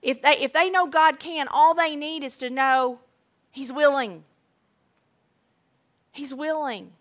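A woman preaching a sermon, emphatic and deliberate, repeating key phrases. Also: high-pitched, fairly bright tone.

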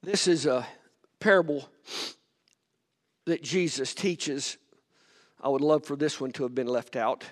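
Impassioned high-voiced preacher. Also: male voice, unhurried, long pauses. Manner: impassioned preaching, rising to near-shouts; repeats and stumbles over words. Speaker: pastor. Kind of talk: sermon. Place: church sanctuary. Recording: long hall reverb from a sanctuary.

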